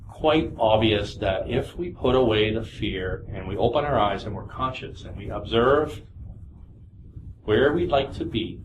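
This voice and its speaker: A man's voice: medium pitch, poor audio. A man speaking at a small meetup, telling personal stories in an earnest, anecdotal way with frequent restarts. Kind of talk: personal storytelling talk. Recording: faint background noise.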